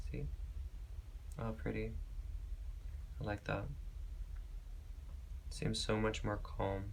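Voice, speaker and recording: A man giving a pick-a-card tarot reading, talking gently and reassuringly, rambling with restarts and calling listeners babe and beautiful soul. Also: lowish voice, flat delivery, slow pace, creaky, pauses often, a little hiss or hum. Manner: affectionate, calls viewers babe and beautiful soul. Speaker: tarot reader.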